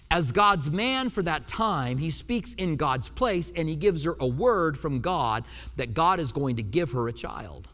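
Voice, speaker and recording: A male pastor preaching a sermon in a church, telling stories with humor and acting out quotes. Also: fairly high pitch. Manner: animated storytelling preacher, acts out quotes with humor. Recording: long hall reverb.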